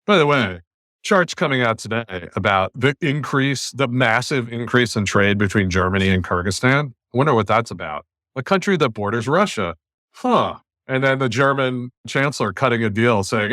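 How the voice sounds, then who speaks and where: A man from the United States hosting a podcast, giving blunt, opinionated views in casual discussion, often with animated rants. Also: mid-range voice, normal speed, no echo, studio quality. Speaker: podcast host.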